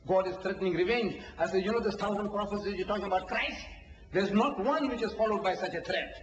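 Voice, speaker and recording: A male preacher with a high voice delivers a lively religious lecture, firing off rhetorical questions and acting out little dialogues. The sound is an old lo-fi tape with a long, roomy hall echo and a faint hiss underneath. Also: fast. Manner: rhetorical, acts out dialogues, laughs often. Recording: echoey hall, dull lo-fi archive tape.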